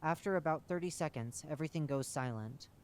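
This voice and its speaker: A man giving a measured, matter-of-fact scripted narration of a horror wiki entry. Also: a little high, darkish tone.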